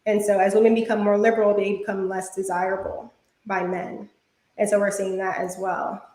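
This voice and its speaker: A woman's voice: mid-range voice, level tone, normal speed, dark tone, echoey room, low-quality recording. A woman in her twenties chatting emphatically as a podcast co-host. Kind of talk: casual podcast chat.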